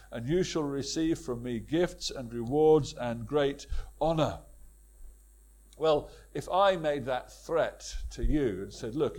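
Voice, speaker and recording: A man's voice: medium pitch, a little mellow. A man preaching a sermon with emphatic repetition and rhetorical questions to his congregation.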